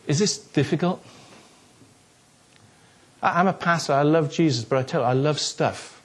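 A middle-aged man, a pastor, telling a story in a sermon and acting out the dialogue with animated, comic excitement. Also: on the high side, moderate pace.

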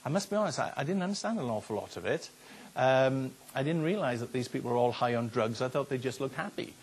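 An older man preaches in a husky, breathy voice at a mid pitch. He talks to the congregation warmly and plainly, stumbling over and repeating words as he builds his points. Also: lively intonation, quick pace. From Wales. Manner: earnest and conversational, with frequent repeated words and fillers. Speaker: pastor. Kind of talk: sermon.

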